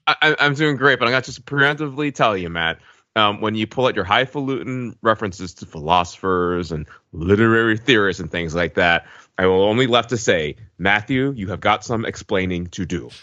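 A man with a radio baritone voice, a regular panelist in casual podcast chat. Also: expressive, brisk, sharp tone, no echo. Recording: slightly dull lo-fi mic.

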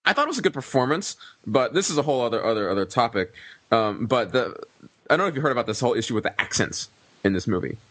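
Fast-talking man explaining a plot. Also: medium pitch, big pitch swings, fairly bright tone, no room sound. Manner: fast, restarts often, explains at length. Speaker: podcast guest reviewing a film. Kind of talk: casual discussion.

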